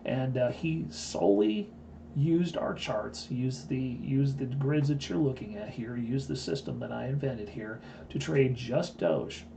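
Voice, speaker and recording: A man's voice: mid-range voice, a little slow, gravelly, warm tone, a little hiss or hum. A man in his fifties hosting a live stream, telling a story in a blunt, boastful way. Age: 50s. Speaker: live-stream host and trading teacher.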